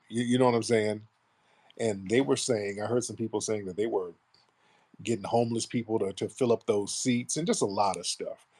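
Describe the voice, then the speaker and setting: A man's voice: fairly low pitch, darkish tone, breathy edge. A man hosting a live political commentary show, blunt and mocking, with rambling asides. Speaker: radio show host.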